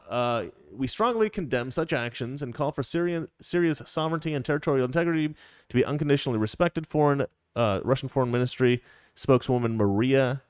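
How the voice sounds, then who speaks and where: A man's voice: mid-range voice, no room sound, studio quality. A middle-aged man hosting a casual political talk show, rambling and wry, often stopping to restart his sentences. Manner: rambling, self-interrupting, wry. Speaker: political commentary host.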